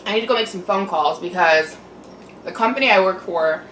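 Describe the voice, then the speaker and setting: A woman's voice: lowish voice, brisk, a bit bright. A young adult woman in a casual venting chat as a mukbang vlogger, chatty and aggravated, swearing and saying "like" a lot. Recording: roomy echo, mic at a distance, faint hum.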